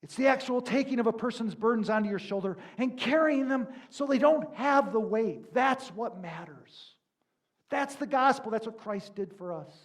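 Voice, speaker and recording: Preacher with a high voice, conversational and emphatic. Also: male voice, moderate pace. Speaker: pastor. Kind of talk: sermon.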